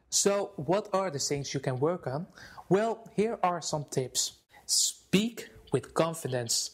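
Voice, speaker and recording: A man giving instructional talk to camera on presentation skills, expressive and deliberate, switching between loud and soft. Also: fairly high pitch.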